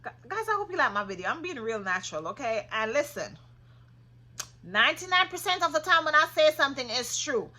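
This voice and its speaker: A woman casually recapping a reality show, sassy and opinionated, getting loud when she gets passionate. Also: sits high, sing-song, brisk.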